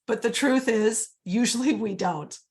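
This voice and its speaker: With a fairly high pitch, a darkish tone, and a slightly slow delivery, a woman coaches real estate agents live online. She's upbeat and chatty on her computer mic, repeatedly calling listeners guys.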